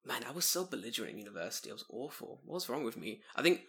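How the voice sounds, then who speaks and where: A young man from the United Kingdom, co-hosting a podcast and telling swear-filled stories in a casual, animated way, acting out both sides of old arguments. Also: mid-range voice, very fast, creaky, breathy edge. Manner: animated storytelling, swears often, acts out both sides of conversations. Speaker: podcast co-host. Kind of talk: casual chat.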